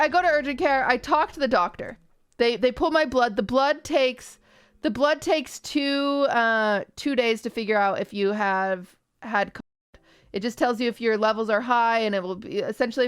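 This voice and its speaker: A woman's voice: a little high, clear, resonant tone, dry recording. A young woman streamer chatting casually with her viewers and acting out what people said. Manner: animated storytelling, acting out other people's lines.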